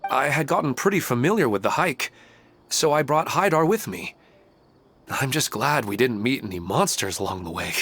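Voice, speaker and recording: A man's voice: mid-range voice, expressive, moderate pace, a bit bright, slightly rough. An actor playing an earnest, plain-spoken husband and father in a video game, speaking in a heartfelt way. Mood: warm.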